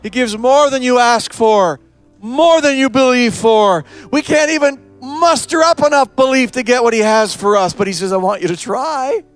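A man preaching a sermon in an animated way, acting out short scenes with changing voices. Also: extremely high pitch, normal speed, soft background music. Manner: animated preaching, acts out voices of parents, children and Jesus. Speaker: pastor.

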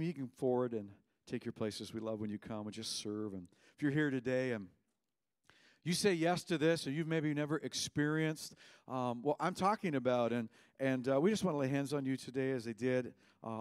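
A man's voice: medium pitch, no echo, studio quality. Impassioned male pastor preaching. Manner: impassioned, swings between loud and hushed. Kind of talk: sermon. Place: church.

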